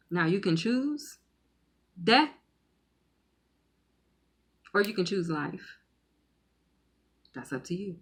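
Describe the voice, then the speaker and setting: A woman's voice: lowish voice, big pitch swings, drawn-out words, long pauses, husky. A woman giving a spiritual reading in casual, rambling talk, repeating words and checking in with "okay?" often. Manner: emphatic, stretches key words. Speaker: spiritual medium and tarot reader.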